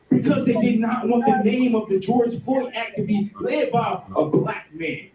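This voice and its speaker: A middle-aged man from Minnesota, a guest activist giving a fiery, rambling speech that bursts into shouting, heard on a remote call line. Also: very high voice, moderate pace, few pauses, a crowd in the background. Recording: echoey, distant from the mic.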